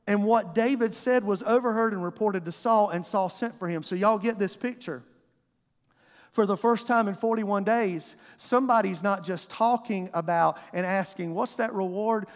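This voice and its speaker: A male pastor, preaching a storytelling sermon to his congregation and acting out the voices. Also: sits high. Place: church sanctuary. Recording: long hall reverb.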